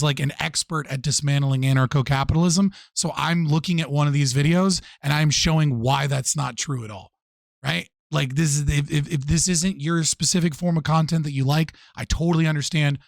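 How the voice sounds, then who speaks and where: A man talks in a fairly high register, blunt and profane as he picks apart a debate clip. His close microphone sounds dry and present. The delivery is exasperated, casual stream commentary. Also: gravelly, no room sound.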